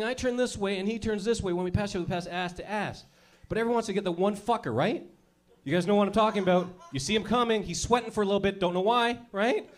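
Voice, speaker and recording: A man's voice: sits high, fast. A man doing a crude, brash stand-up comedy routine, acting out little scenes as he goes. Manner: crude, brash, acts out characters.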